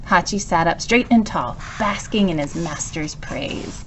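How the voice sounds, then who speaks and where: A woman narrating a children's story, reading aloud in a calm, even manner. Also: fairly low pitch, a little slow, a little hiss or hum. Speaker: storybook reader.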